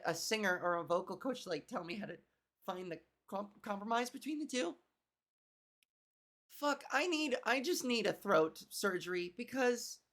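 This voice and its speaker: A woman comedian hosts her own podcast, her voice a little high and fairly bright yet cracky and gravelly. She rambles and swears in casual, self-deprecating chat.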